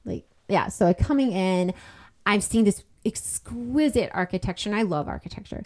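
A woman's voice: medium pitch, normal speed, darkish tone. A young woman, a podcast guest, telling a heartfelt personal story in casual conversation, full of fillers and repeated words.

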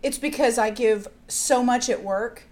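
A woman co-hosting a podcast, chatting in an animated, joking way with slangy phrasing. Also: a little high, a little slow. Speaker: podcast co-host. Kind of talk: casual chat. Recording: noisy background.

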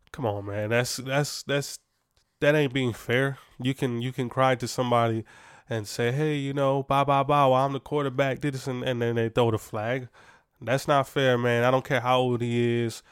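A man's voice: medium pitch, clean tone, no echo, clean studio sound. A man hosting a sports podcast, giving casual, opinionated takes with lots of fillers and restarts.

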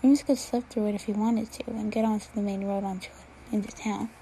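A woman reading fan fiction aloud at an unhurried pace, dropping to a whisper now and then. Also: medium pitch, fairly even intonation, mellow, a little hiss or hum, rough recording. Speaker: reader.

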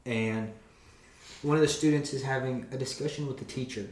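A young man co-hosting a podcast, telling stories in a playful, animated way. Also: mid-range voice, a little fast. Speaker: podcast co-host. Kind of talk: casual chat. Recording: roomy echo.

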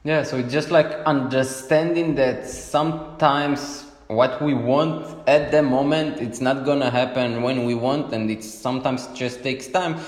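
A man's voice: mid-range voice, fairly even intonation, a little slow, hardly any pauses. A man interviewing a guest in a casual, filler-heavy way, responding as he listens. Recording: echoey room with long reverb.

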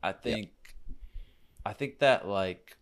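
Young man, lowish voice, crude and silly, riffs on and on in casual chat. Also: slow pace, smooth. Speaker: podcast co-host.

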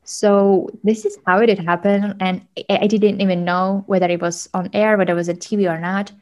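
A woman working in media, a guest telling animated stories with frequent laughs and fillers in a casual interview. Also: mid-range voice, brisk, low-quality recording. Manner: animated storyteller, laughs often, many fillers.

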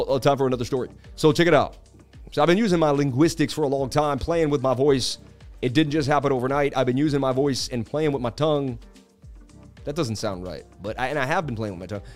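A man hosts a live market-analysis stream, talking in a casual, excitable way. His voice sits in an ordinary middle pitch. Faint music plays under him. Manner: animated, casual, hype-driven. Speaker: crypto market analyst host.

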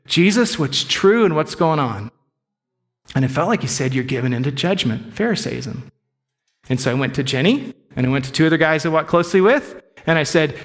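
A man's voice: fairly high pitch, a bit bright, big-room sound. A middle-aged male pastor giving a candid, conversational sermon, openly sharing his own struggles with the congregation. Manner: candid, conversational, self-disclosing. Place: church sanctuary.

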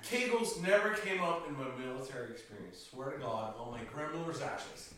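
A man's voice: a little high, expressive, a little fast, fairly bright tone, a little hiss or hum. A man co-hosting a podcast, bantering and teasing in casual chat. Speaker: podcast co-host. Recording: roomy echo.

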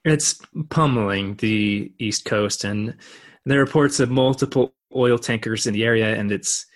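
A man's voice: on the low side, moderate pace. A man co-hosting a podcast in casual chat, playful and teasing. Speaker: podcast co-host.

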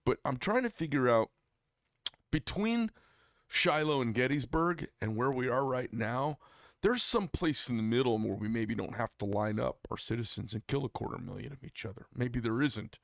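A man's voice: medium pitch, animated, normal speed, gravelly, no echo, studio quality. A man from the United States hosting a casual political chat, heated and emphatic, his voice climbing sharply when outraged and dropping into mild swearing. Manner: heated, emphatic, rising to near-shouts of outrage with profanity. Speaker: podcast host.

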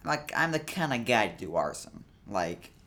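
A man's voice: mid-range voice, very animated, moderate pace, pushed and bright. Rambling, jokey young man podcasting. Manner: rambling, jokey, self-deprecating; tired. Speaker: podcast host. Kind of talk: casual solo podcast monologue.

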